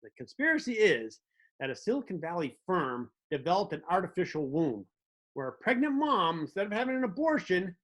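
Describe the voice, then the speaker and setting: A man's voice: high-pitched, sing-song, brisk, a bit bright. A man hosting a comedic monologue, telling wry stories with little mock dialogues. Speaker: host.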